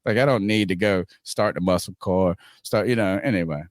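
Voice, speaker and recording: A man telling a wild story on a podcast, swearing freely and jumping into loud voices for himself and his friend. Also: deep voice, fairly quick, no room sound, studio quality. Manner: animated, swearing, acts out both sides in raised voice. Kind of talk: casual profane storytelling.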